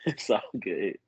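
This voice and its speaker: A man's voice: fairly low pitch, breathy edge, dry recording. A man co-hosting a podcast, laid-back and slangy, chatting casually with a laugh. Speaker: podcast co-host. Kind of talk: casual spoiler review chat. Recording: dry, dull lo-fi sound.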